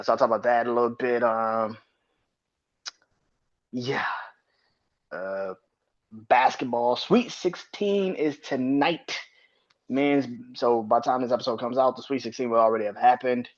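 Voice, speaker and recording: A man in his thirties hosts a casual solo sports podcast with a mid-range voice. He rambles and swears, and his voice spikes up in pitch when he gets worked up. The recording sounds a little dull and lo-fi. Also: a little slow, pauses often. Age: 30s. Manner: loose and profane, rants with sudden high-pitched outbursts. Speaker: podcast host.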